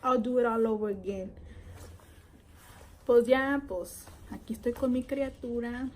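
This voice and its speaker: A woman's voice: fairly high pitch, measured pace, a little mellow, poor audio. A young woman tells a pregnancy story in a casual vlog, switching languages, chatty and swearing freely. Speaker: vlogger.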